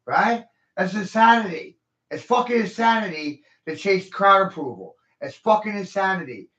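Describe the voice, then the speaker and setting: A man's voice: sits high, animated, normal speed, fairly bright tone. A man ranting profanely and heatedly in a casual podcast chat. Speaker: podcast host. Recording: echoey, dull lo-fi room.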